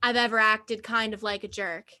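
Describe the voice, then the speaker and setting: A woman's voice: fairly high pitch, little pitch movement, moderate pace, sharp tone, pitched below the performer's own voice. A woman voicing a spoiled hippo princess. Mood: haughty. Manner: haughty, demanding.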